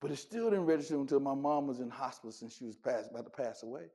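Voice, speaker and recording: Speaking fast in a mellow, mid-range voice, a man from Texas delivers a motivational keynote. He tells his stories with drama and emphasis, performing the dialogue himself.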